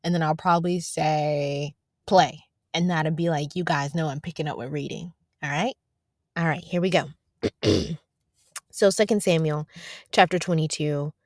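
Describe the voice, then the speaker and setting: A woman hosting a devotional podcast, chatting casually and encouragingly, then reading scripture aloud slowly. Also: low voice, steady tone, darkish tone, no echo, clean studio sound. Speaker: podcast host.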